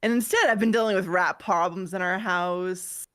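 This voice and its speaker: Her voice fairly low in pitch but fairly bright in tone, a podcast co-host in her thirties talks at a normal speed despite having a cold. She's chatty, wandering through stories and laughing at her own mishaps.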